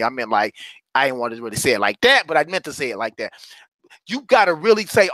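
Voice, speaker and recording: A man giving an animated, playful motivational talk in a preacher-like delivery. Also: mid-range voice, fast talker, no echo, clean studio sound. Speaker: motivational speaker.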